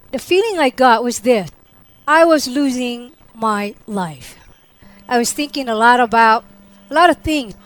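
A woman giving a personal testimony to an audience, acting out what she said and dropping to a soft hush for the tender parts. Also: on the high side, poor audio. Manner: animated storytelling, acting out her own quoted lines; drops to a soft hush when describing the vision. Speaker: testimony speaker.

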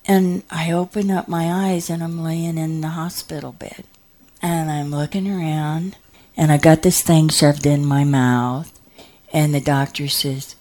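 Low slow dramatic storyteller woman. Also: fairly even intonation, darkish tone. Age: 50s. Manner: dramatic, acts out voices, drops to whispers. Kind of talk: personal storytelling.

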